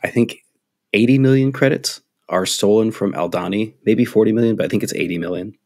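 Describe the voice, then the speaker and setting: A man co-hosting a casual podcast, rambling through a recap with halting restarts. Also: on the low side, vocal fry, a little mellow. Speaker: podcast co-host.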